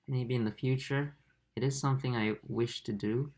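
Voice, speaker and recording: Soft-spoken young man chatting on a livestream. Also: medium pitch, fairly even intonation. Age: 20s. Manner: soft-spoken, halting, with many fillers. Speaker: aquarium channel host. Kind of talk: livestream chat, reading viewer comments.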